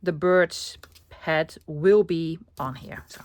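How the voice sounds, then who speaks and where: A woman's voice: low voice, slow, a little mellow, slight background noise. A young woman chatting playfully to her viewers while she crafts, calling them love and dropping to a whisper now and then. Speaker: craft vlogger. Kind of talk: casual crafting vlog chat.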